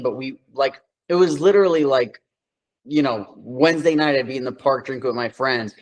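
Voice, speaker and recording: A New York actor in his thirties, appearing as a guest in a casual interview, tells loose, slangy stories packed with filler words, especially "like." His voice is medium-pitched, and the audio quality is poor.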